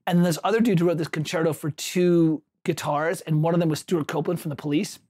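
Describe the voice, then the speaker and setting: Husky guy rambling fast on his stream, lots of restarts and side notes, reads chat as he goes. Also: on the high side, steady tone, darkish tone. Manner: rambling anecdotes, self-corrections, answers chat. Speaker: composer hosting a livestream. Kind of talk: casual livestream chat.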